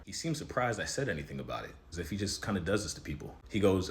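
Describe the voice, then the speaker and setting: A man speaking quickly in a motivational monologue. His pitch rises and falls a lot as he tells his story. He sounds like a casual storyteller giving life advice. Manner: animated, conversational storytelling with advice to listeners.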